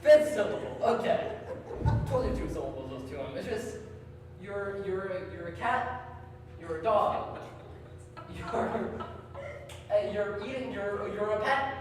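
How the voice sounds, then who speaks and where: A man doing a live improv guessing game on stage, laughing through halting guesses. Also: sits high, expressive. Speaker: improv performer. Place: live show in a large hall. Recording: echoey hall from far off, noisy.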